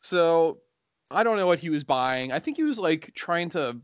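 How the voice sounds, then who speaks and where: A man's voice: on the high side, expressive, moderate pace, clear, resonant tone, no echo, dull audio. A young man co-hosting a podcast, telling a story casually and rambling with lots of "like" and "you know". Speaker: podcast co-host.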